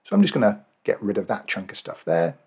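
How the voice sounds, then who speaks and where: A man's voice: lowish voice, very animated, a little fast, darkish tone, slightly rough. An Australian man walking viewers through a spreadsheet task in a casual screen-recorded tutorial, thinking aloud with fillers and self-corrections. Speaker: Excel and Power BI trainer.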